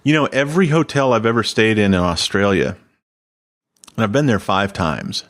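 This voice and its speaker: Casting lower-pitched man, podcast co-host, easygoing anecdotal chat. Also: normal speed. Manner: relaxed storytelling, repeats words. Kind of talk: casual chat.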